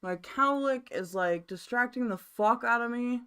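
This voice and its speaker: A woman's voice: a little high, measured pace, fairly bright tone, clean tone. A woman live streaming from her own room, chatting casually to her viewers in a rambling, mildly profane way.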